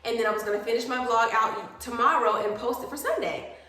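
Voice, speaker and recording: A young woman telling a chatty storytime vlog, animated and acting out the people in her story. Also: a little high, brisk. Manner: animated, acts out quoted people. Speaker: vlogger. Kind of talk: chatty storytime while doing skincare. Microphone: phone. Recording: very echoey room.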